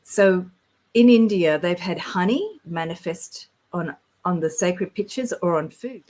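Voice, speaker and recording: A woman telling of spiritual experiences in a casual conversation, earnest and rambling, and quick to get excited. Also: fairly low pitch, rough recording. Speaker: guest sharing spiritual experiences.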